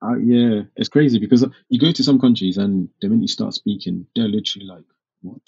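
Gravelly husky man on a muffled mic. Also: on the low side, fairly even intonation, fast talker, darkish tone. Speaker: podcast co-host. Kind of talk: casual chat.

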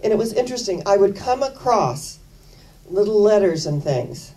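A woman's voice: medium pitch, big pitch swings, moderate pace, warm tone, distant mic, low-quality recording. An older woman minister giving a sermon, telling personal stories in an earnest, conversational way and repeating phrases for emphasis.

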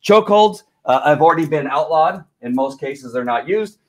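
A man's voice: on the high side, animated, normal speed. A middle-aged man, a former police officer, telling stories in a casual monologue, rambling with many fillers and frequent chuckles.

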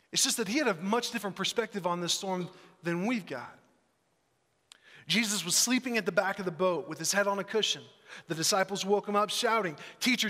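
A man preaching a sermon as pastor, moving from quiet reflection to loud, emphatic passages. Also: high voice. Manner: swings from hushed reflection to loud emphatic delivery. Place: large church hall. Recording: reverberant church hall.

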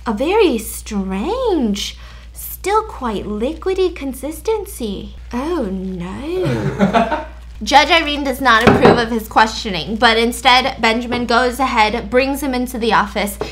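A young woman chatting through an animated story retelling while baking, swearing in a mock-censored way. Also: fairly high pitch, slow pace. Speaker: YouTube storyteller.

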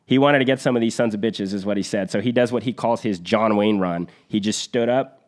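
A man's voice: on the low side, fairly quick. A man hosting a podcast, retelling a battle story in an earnest, vivid conversational way, with restarts and fillers. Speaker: podcast host.

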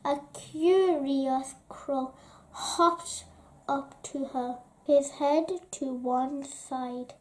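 Woman narrating a children's book aloud, high voice, very slow and expressive. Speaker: storyteller.

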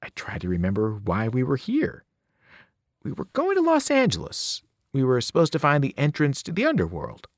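A male teacher reads a children's novel aloud in an audiobook style. His delivery is lively and expressive, with plenty of pitch movement, and the recording is dry and close. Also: moderate pace, no echo. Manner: expressive storytelling, varied pitch.

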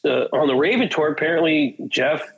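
A man with a husky, slightly raspy voice that sits a bit high for a man. He tells long, profane, rambling stories in a casual chat and acts out the lines of the people in them. He is a metal singer from Portland, Oregon. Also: fairly quick, muffled recording. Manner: profane, rambling anecdotes with acted-out quotes. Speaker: guest, metal band singer.

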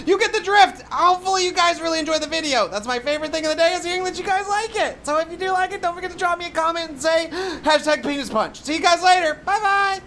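A man's voice: very high voice, sharp tone, slight background noise. A young man co-hosting a video game let's play, talking in a hyper, goofy, joking way. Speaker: co-host of a modded game series.

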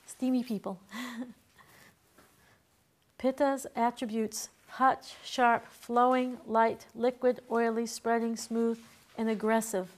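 Teacher, female, chatty and quick to laugh, fairly high voice, classroom feel. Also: level tone. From Boston, USA. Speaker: herbalism teacher. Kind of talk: casual classroom lecture.

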